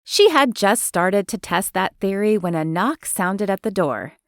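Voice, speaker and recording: A woman narrating a romance audiobook in an expressive storytelling manner, recorded close to the mic. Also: medium pitch, unhurried, no room sound. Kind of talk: scripted narration.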